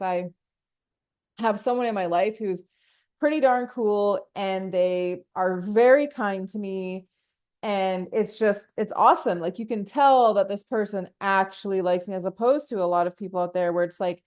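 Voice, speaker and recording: Laughing, rambling woman podcast host. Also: medium pitch. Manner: rambling, laughs often, animated quotes. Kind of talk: casual solo podcast talk.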